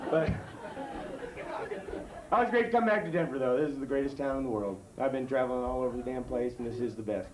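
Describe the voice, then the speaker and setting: A man doing a profane stand-up routine on a club stage, swinging from high yelps to low mutters. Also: fast talker, pauses often, slight background noise. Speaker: stand-up comedian. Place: comedy club stage before live audience. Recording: echoey club with crowd laughter. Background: audience laughter.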